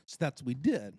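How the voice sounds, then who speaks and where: Animated storytelling man, lively pitch. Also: husky. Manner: animated storyteller, exclaiming as he retells. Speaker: podcast co-host. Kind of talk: casual chat.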